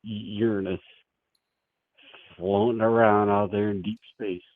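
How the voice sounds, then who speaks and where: A man's voice: fairly low pitch, little pitch movement, slow pace, no echo. A man calling into a show over the phone, rambling in a crude, laid-back way with lots of fillers. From United States. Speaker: caller. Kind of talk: casual phone chat. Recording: tinny phone line.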